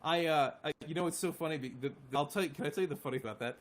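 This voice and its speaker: A man's voice: fairly high pitch, very fast. A man who writes and sings his own songs, chatting casually as a live-stream guest in a rambling, self-deprecating way with easy swearing. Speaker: singer-songwriter guest.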